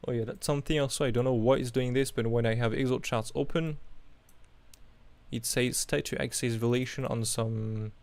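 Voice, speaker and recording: A man's voice: medium pitch, fairly even intonation, normal speed, darkish tone. A man with a French accent hosts a live chart analysis, talking casually and thinking aloud, often humming while he works. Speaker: host.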